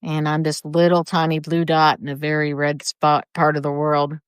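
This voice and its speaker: A woman's voice: low-pitched, monotone, moderate pace, smooth, dry recording, clean studio sound. An older woman rambling casually on a live video from her front porch, greeting viewers by name. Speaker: livestreamer. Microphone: phone or camera for a live video.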